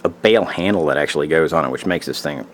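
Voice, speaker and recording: Man, very low voice, rambling folksy gear talk, cusses freely. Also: quick pace, fairly bright tone. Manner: rambling, profane, folksy slang. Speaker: outdoor gear reviewer. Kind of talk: casual gear demo.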